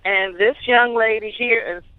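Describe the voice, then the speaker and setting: A woman's voice: a little high, a little slow, smooth, no echo. A woman calling in to a radio show, speaking from the heart in heartfelt, emotional praise. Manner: emotional, heartfelt, churchy affirmations. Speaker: caller. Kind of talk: call-in comment. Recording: tinny phone line.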